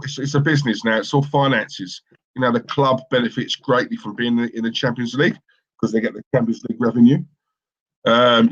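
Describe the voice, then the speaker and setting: Heard through dull audio, a man with a mid-range voice co-hosts a live football watchalong stream. He reads viewer comments and chats casually, rambling opinionatedly with frequent fillers and restarts.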